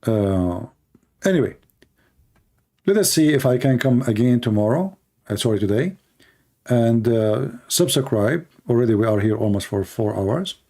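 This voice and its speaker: A man's voice: medium pitch, animated, unhurried, warm tone. A man hosting a long livestream who rants in a mocking, sarcastic way and acts out his opponents. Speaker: livestream debate host. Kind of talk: casual livestream rant.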